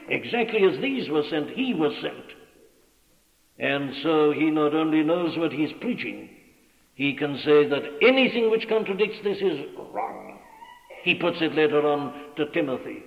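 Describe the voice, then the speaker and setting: A man's voice: on the high side, sing-song, normal speed. Man preaching in a tinny, echoey hall. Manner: emphatic, declamatory preaching with scripture quoted. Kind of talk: sermon. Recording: tinny, echoey old church hall recording.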